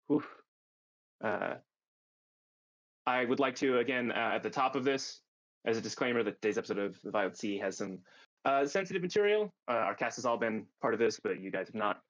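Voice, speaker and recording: A man's voice: medium pitch, animated, highs cut off. A man narrating as game master of a streamed tabletop game, stopping often with fillers and restarts. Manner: halting, many fillers and restarts.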